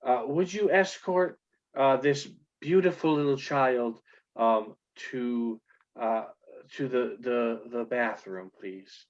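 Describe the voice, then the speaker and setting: A smug, grandiose woman mayor, as a man puts her on who loves to boast about her great leadership. She speaks slowly and pauses with fillers, sounding dull and muffled on a lo-fi recording. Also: medium pitch, natural voice. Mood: sugary. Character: pompous self-praising woman mayor.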